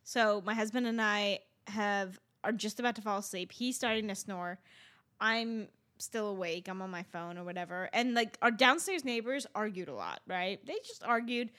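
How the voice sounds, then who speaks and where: A woman's voice: medium pitch, normal speed. A young adult woman, a podcast co-host, chatting casually and acting out the lines of people in her story. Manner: animated storyteller, acts out quotes.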